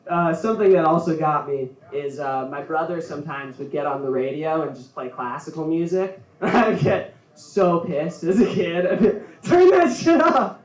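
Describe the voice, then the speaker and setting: A man's voice: a little high, fairly even intonation, moderate pace, few pauses. A man doing a stand-up set at a comedy venue, rambling and laughing at his own jokes. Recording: roomy, from far off.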